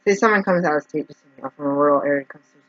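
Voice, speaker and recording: A man's voice: on the high side, rapid-fire, dry recording. A man who works as a naturopath talks through his troubles in a rambling, emotional vlog monologue. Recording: dull, dry lo-fi recording.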